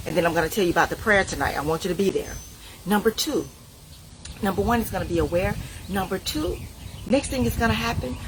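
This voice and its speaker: A middle-aged woman speaking, giving a preachy, animated motivational talk straight to the viewer. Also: fairly high pitch, slight background noise, poor audio. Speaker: inspirational speaker.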